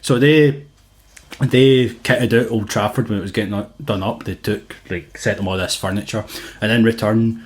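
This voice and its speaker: A man's voice: fairly low pitch, steady tone, normal speed. A young Scottish man with a Glasgow accent, co-hosting a casual podcast chat and telling stories with lots of laughter and acted-out quotes. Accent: Glaswegian Scottish. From Scotland. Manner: laughing storyteller, acts out quotes. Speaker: podcast co-host.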